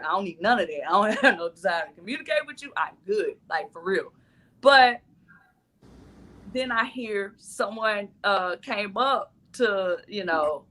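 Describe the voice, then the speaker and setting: A woman's voice: medium pitch, sharp tone. A woman, a former dating show cast member, telling her story in casual chat and acting out her own quoted lines.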